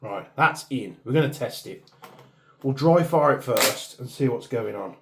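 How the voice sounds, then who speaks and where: A man's voice: mid-range voice, lively intonation, measured pace. A man hosting a hands-on airsoft test, talking casually and muttering to himself as he works the gear. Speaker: airsoft channel host. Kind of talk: casual hands-on product testing. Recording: clear background noise.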